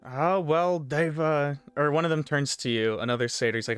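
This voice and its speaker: A man's voice: on the high side, normal speed, hardly any pauses, fairly bright tone, clean tone, no echo, soft background music. A man running a tabletop game as game master, narrating loosely with many fillers.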